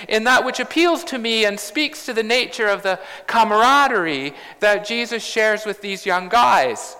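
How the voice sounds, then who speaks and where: A man in his fifties preaching a sermon in a large church, measured and reflective with bursts of humour. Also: high voice, animated, sharp tone. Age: 50s. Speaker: pastor. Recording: long church reverb.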